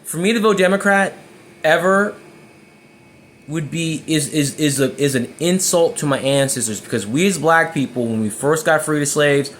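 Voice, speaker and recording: A man with a slightly high voice tells his personal story to camera. He is emphatic and often trips over and repeats words. A faint background noise runs underneath. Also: normal speed, a bit bright. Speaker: vlogger.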